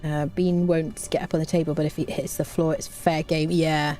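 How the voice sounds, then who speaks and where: A woman's voice: sits low, little pitch movement, normal speed, dark tone, faint music behind. A woman streaming a game live, chatting casually with her viewers and humming little tunes to herself.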